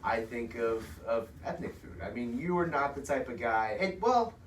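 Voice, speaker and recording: A man from Indiana co-hosting a casual food podcast, talking in an animated way and laughing often. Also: medium pitch, normal speed, echoey room, far from the mic, slight background noise. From Indiana, USA. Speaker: podcast co-host. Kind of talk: casual chat.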